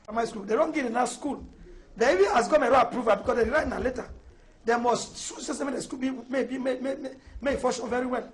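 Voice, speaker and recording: A man speaking Cameroonian Pidgin English as a debate panelist, indignant and halting in a heated studio debate. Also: very high-pitched.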